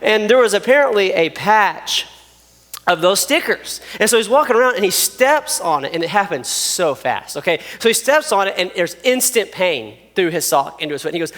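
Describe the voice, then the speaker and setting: A young man, a youth pastor telling a story in a sermon, animated and full of fillers like "like" and "um". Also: high-pitched, a little fast, big-room sound. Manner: animated, acts out voices, frequent fillers like "like" and "um".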